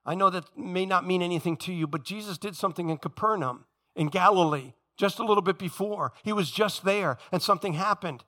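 A male pastor preaching a sermon in church, emphatic and building to loud exclamations. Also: sits high, brisk.

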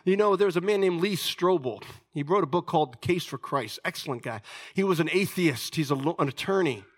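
A man preaching with dramatic swings in loudness and pitch, rising into near-shouted high passages and then dropping to quiet, low tones. He acts out the voices of people in his stories as he preaches. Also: lively intonation, a little fast. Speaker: pastor. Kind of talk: sermon.

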